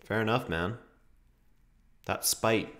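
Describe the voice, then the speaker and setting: A young man hosts a live football watchalong and talks casually into his desk mic. His voice sits a little low. He chats easily with his viewers and reacts to the play with quick laughs and drawn-out oohs. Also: fairly bright tone. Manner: chatty, laughs often, reacts with ooh and hoo to the match. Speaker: streamer hosting a football watchalong. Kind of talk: casual live-stream commentary and chat reading.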